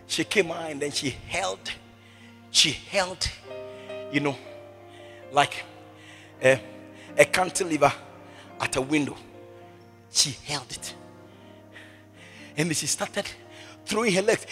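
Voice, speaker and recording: A male preacher with a high, lively voice and a gravelly edge. He repeats each phrase again and again and moves from shouts to near-whispers. Soft music plays faintly behind him. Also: slow, long pauses. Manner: emphatic, repeats phrases over and over; swings between shouting and hushed speech. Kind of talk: sermon.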